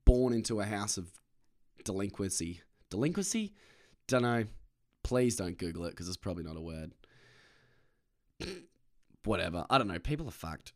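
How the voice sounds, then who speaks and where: A man's voice: low voice, moderate pace, pauses often. A man talking to camera in a casual solo monologue. He rambles and swears, mocks himself, and laughs often. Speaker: vlogger.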